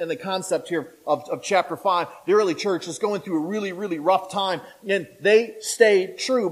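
A male pastor preaching a sermon in a conversational, animated way, asking the listeners questions and acting out the voices of people in the story. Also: sits high, poor audio. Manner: animated, acts out quoted voices; conversational, asks the audience questions.

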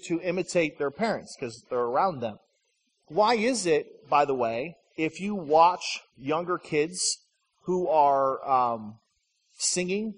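A man's voice: on the high side, slightly rough, long reverb tail. A man from Michigan preaching a conversational sermon as a pastor, telling stories and acting out the people he quotes. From Michigan, USA. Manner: storytelling, acts out quoted voices.

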